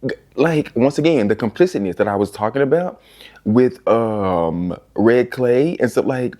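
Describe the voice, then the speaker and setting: A young man reviewing books in a casual vlog, animated and exasperated, swearing freely as he rants. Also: medium pitch, unhurried. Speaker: book reviewer.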